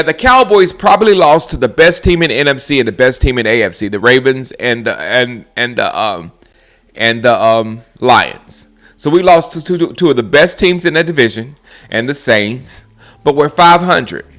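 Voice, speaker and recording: A man's voice: medium pitch, a bit bright. A man hosting his own live stream, ranting about football in a casual, mocking way, often laughing and restarting his sentences. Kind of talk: casual sports rant.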